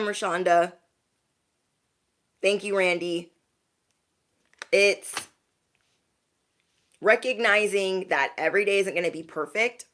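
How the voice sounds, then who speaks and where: A young adult woman giving a spiritual reading to her viewers in a chatty style, calling them bestie and acting out quick asides. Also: lowish voice, a bit bright. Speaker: intuitive reader.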